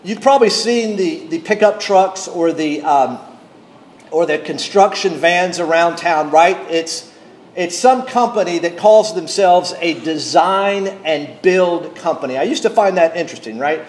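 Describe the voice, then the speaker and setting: A man preaching a sermon, reading scripture and explaining it in a measured, emphatic way. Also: fairly high pitch. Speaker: pastor.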